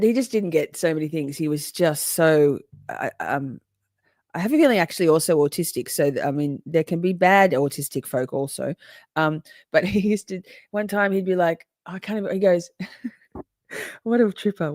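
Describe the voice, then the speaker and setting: A woman's voice: fairly low pitch, dry recording, studio quality. A woman hosting a casual live stream, reading viewers' comments aloud, swearing freely and laughing often. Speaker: livestream host reading chat.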